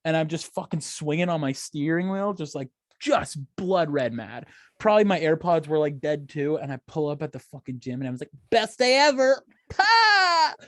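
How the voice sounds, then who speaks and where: A young man co-hosting a podcast in casual chat, telling profane, animated stories with big jumps in pitch. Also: fairly quick, no echo, clean studio sound. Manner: profane, animated storytelling with sharp swings up and down in pitch. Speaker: podcast co-host.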